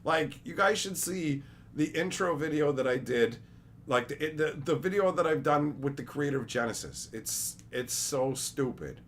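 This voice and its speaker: A man's voice: on the high side, lively intonation, normal speed, slight background noise. A young man chatting casually on a livestream, rambling, joking and swearing freely. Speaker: streamer.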